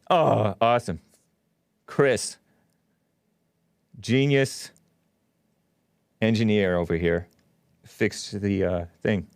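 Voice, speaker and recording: A man's voice: on the low side, clear, resonant tone, no echo, studio quality. A man hosting a live-streamed talk show, chatting casually and reading viewer comments aloud. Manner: animated, reads chat comments aloud with laughs.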